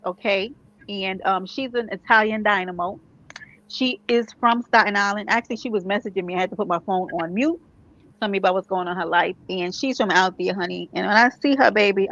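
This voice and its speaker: A woman from New York chatting casually as a vlogger, animated, with quick asides and laughs. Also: medium pitch, dull audio. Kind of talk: casual chat.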